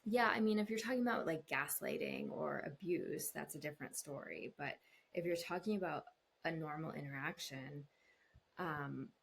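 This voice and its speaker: A woman speaking as a couples therapist in an interview, explaining calmly and acting out voices in quoted examples. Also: moderate pace, vocal fry, slight background noise. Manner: explanatory, acts out voices in quotes with big pitch jumps. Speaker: couples therapist, podcast guest. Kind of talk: conversational interview answers.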